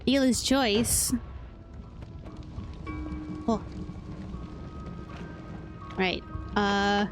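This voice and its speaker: A woman's voice: mid-range voice, drawn-out words, long pauses, faint music behind. A woman from Wales with a British accent, chatting playfully and rambling through live gameplay commentary as a streamer. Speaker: game streamer.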